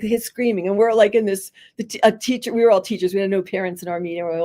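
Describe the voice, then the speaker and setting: On a podcast, a school psychologist teaches through a story, acting out the people in it with a rising voice and packing her talk with "like" and "you know." She has a medium-pitched voice, talks fast and barely pauses.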